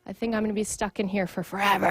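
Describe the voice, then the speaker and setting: A woman's voice: mid-range voice, a bit bright, husky, dry recording. Playful woman reporting live. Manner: playful, jokingly acting like a ghost. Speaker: field reporter. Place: indoor haunted attraction.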